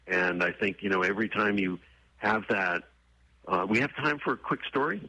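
A man being interviewed, telling stories and acting out quoted voices with husky tone. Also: on the low side, normal speed, sharp tone, no room sound, poor audio. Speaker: guest, horse trainer and author. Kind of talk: conversational interview storytelling.

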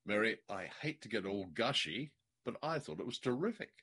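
A man co-hosts a casual podcast with a fairly low voice. He talks in a thoughtful, wry way and now and then slows right down to stress a point. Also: lively intonation, bright, forceful tone, slightly rough. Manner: thoughtful and wry, sometimes slowing down for emphasis. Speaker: podcast co-host. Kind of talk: casual chat reviewing an old radio drama.

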